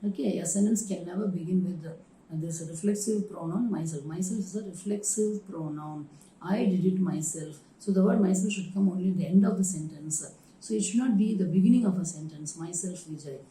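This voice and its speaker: Mellow woman teaching. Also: fairly low pitch, a little hiss or hum. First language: Tamil. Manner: measured and instructive, repeats example sentences. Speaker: teacher of English communication. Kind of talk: recorded lecture. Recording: roomy echo.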